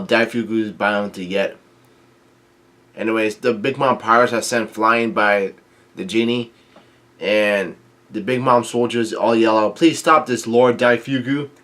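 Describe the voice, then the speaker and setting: A man casually reading through and recapping a manga chapter, halting with frequent ums and restarts. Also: fairly low pitch, steady tone, a bit bright.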